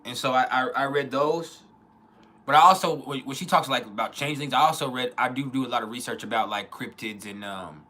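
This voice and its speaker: A man's voice: medium pitch, a little fast, sharp tone. A man hosting a casual livestream, rambling, often restarting his sentences and reading out chat comments. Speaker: livestream host.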